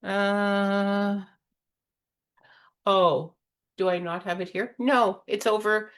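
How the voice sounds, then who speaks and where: A woman's voice: medium pitch, steady tone, very slow. A woman giving a rambling, friendly card-making tutorial, full of fillers and chuckles. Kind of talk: chatty craft tutorial.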